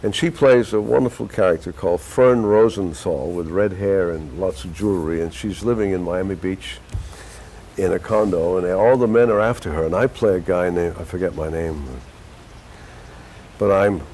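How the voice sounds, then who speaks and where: Older male actor guest, lowish pitch, chatty storyteller, local studio interview. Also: moderate pace, a little hiss or hum, poor audio. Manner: animated storyteller, rambling with restarts.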